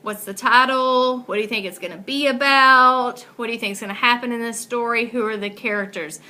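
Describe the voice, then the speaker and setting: A woman teacher reading a picture book aloud expressively and pausing to ask guiding questions. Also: on the high side, steady tone, bright, forceful tone, poor audio.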